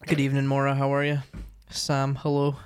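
A man's voice: mid-range voice, completely flat delivery, a little fast, clear, resonant tone, no echo, clean studio sound. A young man co-hosting a podcast in casual chat, rambling with lots of fillers and restarts. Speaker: podcast co-host.

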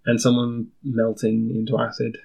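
A man's voice: medium pitch, monotone, moderate pace, creaky, mellow. A man co-hosting a podcast, retelling the story casually with dry jokes and acted-out quotes. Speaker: podcast co-host. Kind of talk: casual chat retelling an episode.

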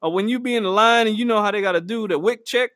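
A high-voiced man hosts a podcast in a loose, comedic monologue. He slips into acted-out quotes and laughter. The recording is bone-dry, with no room sound. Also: quick pace, dry recording. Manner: animated, slangy, acts out quotes with laughter. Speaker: podcast host.

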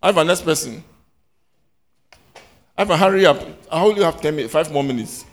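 Teacher, male, lively pitch, scolding questioner in a church hall. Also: a little fast. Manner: animated, scolding, rising to loud questions. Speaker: Sunday school teacher. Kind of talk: quizzing children in class.

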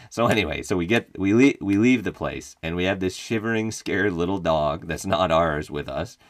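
A young man with a very deep, low-pitched voice tells a personal story in a loose, comedic way, swearing freely and chuckling at his own telling. His voice is recorded close and dry, with no room sound. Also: normal speed, no echo. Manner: profane, wry, laughs while telling.

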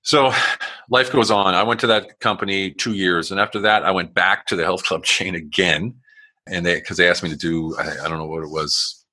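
Speaking at normal speed, he has a low voice that is bright and forceful, with fairly even intonation. He's a man in his forties, a guest narrating his own life in loose, blunt, swearing-laden talk, restarting often, using fillers and acting out quotes.

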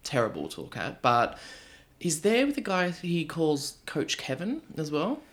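A man's voice: a little high, wildly swooping pitch, measured pace, a bit bright. A man hosting a podcast, chatting casually and retelling stories. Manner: chatty, storytelling. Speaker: podcast host. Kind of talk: casual chat.

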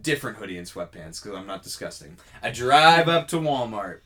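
A podcast co-host with a lowish voice and a slightly quick pace casually spins a long story. He animatedly acts out the lines of the other people involved.

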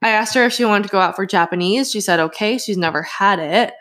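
A woman co-hosting a laid-back podcast, reading a listener's story aloud and breaking off for chatty asides. Her voice sits at an ordinary middle pitch. She laughs easily between lines. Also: fast, fairly bright tone. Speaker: podcast co-host. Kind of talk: casual chat and story reading.

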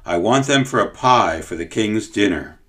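A man's voice: fairly low pitch, animated, normal speed, a bit bright. A man voicing a fat, anxious royal cook who talks eagerly and pleads in a raised voice.

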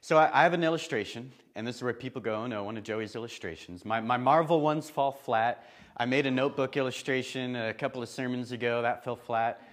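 Male preacher in a church, chatty and lively, laughs at his own asides, mid-pitched voice. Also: brisk. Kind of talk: sermon.

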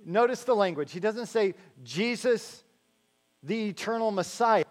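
High-voiced preacher joking with his congregation. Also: lively intonation. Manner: conversational, joking asides with the congregation; slows to stress key phrases, then rattles along quickly. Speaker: pastor. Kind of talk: sermon.

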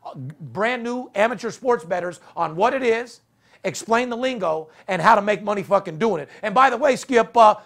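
A man hosts a betting podcast with a high-set voice that crackles with gravelly fry. He is brash and salesy, swearing casually through the banter. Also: expressive, normal speed, a bit bright. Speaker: podcast host.

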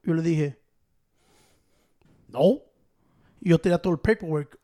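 High-voiced man telling a profane story. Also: normal speed. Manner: profane, animated, acts out quotes. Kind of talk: casual storytelling among friends.

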